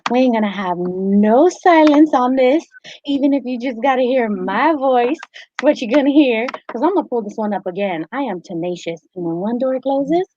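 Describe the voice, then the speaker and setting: A woman hosting a live-streamed radio show, chatting casually and shouting out listeners while songs play. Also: a little high, animated, normal speed. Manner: chatty, shouts out listeners, talks over technical trouble. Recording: dull lo-fi stream audio with noise.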